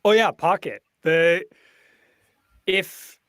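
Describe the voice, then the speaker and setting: A man's voice: sits high, drawn-out words, a bit bright, dry recording. A man, a guest on a casual panel chat, explaining a tool at length and thinking aloud as he goes.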